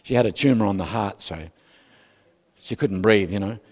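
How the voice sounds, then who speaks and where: A man's voice: lowish voice, moderate pace, big-room sound. An older man with an Australian accent, preaching a sermon full of personal stories, jokes and asides to the congregation. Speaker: pastor.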